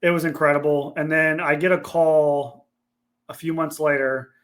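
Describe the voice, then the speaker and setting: A man's voice: on the high side, fairly even intonation, normal speed, a bit bright. A man from Ohio, a veteran guest on a podcast, telling his personal story in a candid, earnest way and swearing casually. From Ohio, USA.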